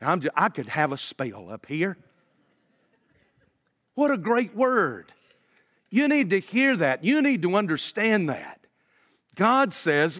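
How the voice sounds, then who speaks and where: A man preaching a sermon as pastor, emphatic and swinging between loud and hushed delivery. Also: high voice, very animated, slow, pauses often. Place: church sanctuary. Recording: long hall reverb.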